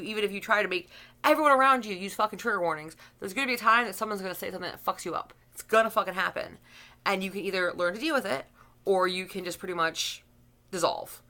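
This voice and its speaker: A woman's voice: medium pitch, quick pace, sharp tone. A woman YouTuber giving a blunt, profane opinion rant to camera, rambling with restarts.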